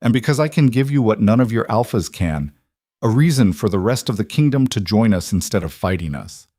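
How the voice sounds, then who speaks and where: A man's voice: on the low side, normal speed, darkish tone, no echo, clean studio sound, close to an everyday voice. A man voicing a defiant young female wolf-shifter leader in an audiobook, level and firm. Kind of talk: audiobook character reading.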